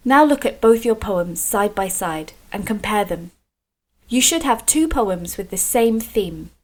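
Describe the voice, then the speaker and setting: A woman from Scotland leading a creative writing video workshop for children, explaining slowly and clearly with encouragement. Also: medium pitch, expressive.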